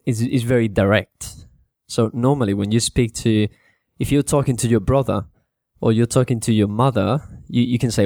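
A man teaching English to Spanish speakers in a casual spoken lesson, repeating words slowly to show how they sound. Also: medium pitch, creaky, dry recording, studio quality. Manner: relaxed, repeats words slowly to model pronunciation, mixes in Spanish.

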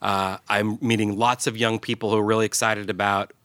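A man's voice: on the low side, little pitch movement, fairly quick, fairly bright tone, no echo. A man in his forties co-hosting a podcast in casual chat, enthusiastic and playful, sometimes slipping into silly voices. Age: 40s. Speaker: podcast co-host.

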